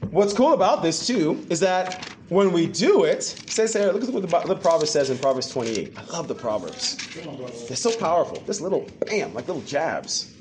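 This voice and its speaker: A man preaching a sermon to a church congregation, animated and full of rhetorical questions. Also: a little high, normal speed, a little hiss or hum. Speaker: pastor.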